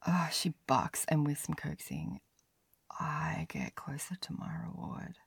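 A woman narrating an intimate first-person story as a whispered role-play, breathy and sighing, lingering over each phrase. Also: deep voice, sing-song, unhurried, no echo. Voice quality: breathy whisper with frequent sighs.

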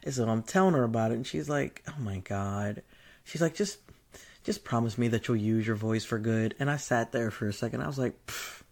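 A man recounts a personal anecdote in a loose, chatty way. He acts out the other people's lines, laughs often and swears freely. His voice sits at an ordinary middle pitch. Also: a little fast, gravelly. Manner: animated, laughing, swearing, acting out quoted voices. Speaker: storyteller. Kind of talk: casual anecdote.

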